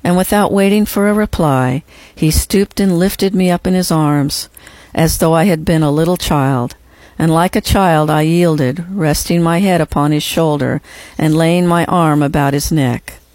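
A narrator reading a first-person memoir aloud in a measured, gentle and reverent way. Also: medium pitch, dry recording.

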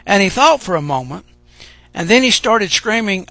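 A man preaching a sermon, speaking emphatically and pausing for drama. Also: sits high, sing-song, pushed and bright, no room sound, faint music behind. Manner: dramatic pauses and emphatic delivery.

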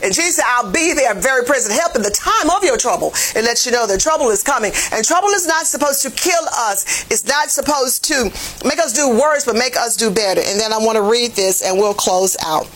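Fervent husky-voiced woman preacher. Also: fairly high pitch, animated, brisk, poor audio. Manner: fervent, call-and-response preaching that swells to near-shouts; folksy, plain-spoken phrasing. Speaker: jail ministry Bible teacher. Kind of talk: preaching a Bible lesson.

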